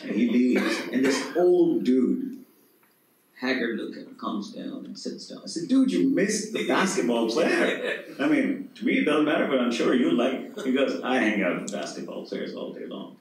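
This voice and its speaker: A middle-aged man from Pakistan with a Pakistani accent, telling lively stories on stage at a conference and often laughing. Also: mid-range voice, moderate pace, very echoey, distant mic, poor audio. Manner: animated, laughing, acts out quoted voices. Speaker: conference speaker. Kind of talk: storytelling talk on stage. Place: conference hall.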